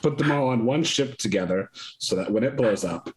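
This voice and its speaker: A man's voice: mid-range voice, lively intonation, brisk, rough recording. A man playing a tabletop role-playing game, dropping wry one-liners. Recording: faint background noise.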